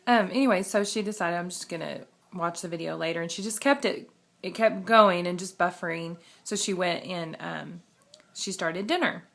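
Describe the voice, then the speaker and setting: A woman's voice: fairly low pitch, moderate pace, vocal fry, a bit bright. A woman, talking casually and rambling in a vlog, laughing often. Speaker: vlogger.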